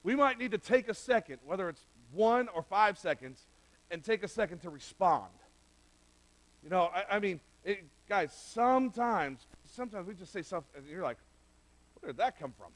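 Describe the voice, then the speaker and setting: A man's voice: high-pitched, animated, moderate pace, low-quality recording. A middle-aged man preaching a sermon in a conversational, direct way, speaking straight to the men in the room. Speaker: pastor. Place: church sanctuary.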